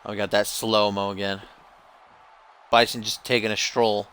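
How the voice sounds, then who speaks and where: A man giving casual, excitable play-by-play commentary over a wrestling video game, using slang the way a wrestling announcer would. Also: lowish voice, moderate pace, smooth. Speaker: gameplay commentator.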